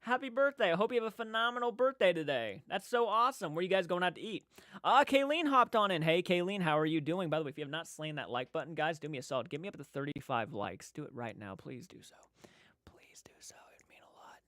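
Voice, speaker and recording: A man chatting casually with viewers on a live stream. He talks loudly and excitedly, and swears now and then. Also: a little high, fast, dry recording. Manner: loud, upbeat, excited.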